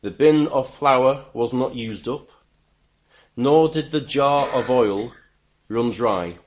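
A man preaching a sermon, emphatic, with stammering restarts and sudden rises in pitch and volume. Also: slow pace.

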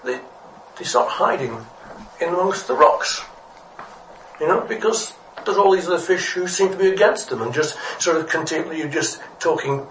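A man's voice: on the high side, lively intonation, normal speed, a bit bright, slight background noise. A man preaching a rambling, good-humoured parable in a church. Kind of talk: storytelling sermon. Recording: echoey room from a distance.

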